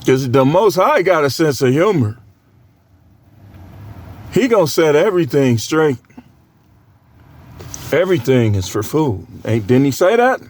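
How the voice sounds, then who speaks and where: A man's voice: on the high side, animated, unhurried, long pauses. A man with a cold who coughs now and then, preaching a casual, joking sermon with lots of laughter and slangy banter.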